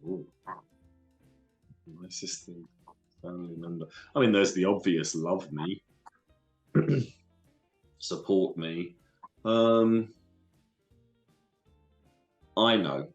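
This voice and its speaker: A man from London with a London accent, a guest telling stories from his life in an earnest, halting way with many restarts. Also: low-pitched, echoey room, soft background music. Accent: London English. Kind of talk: casual storytelling interview.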